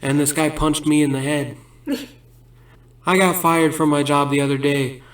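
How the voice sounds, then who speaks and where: A man's voice: a little high, steady tone, moderate pace. A man telling a string of absurd stand-up jokes in a rambling way, laughing at his own punchlines between bits. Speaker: comedian. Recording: roomy sound from a distant mic.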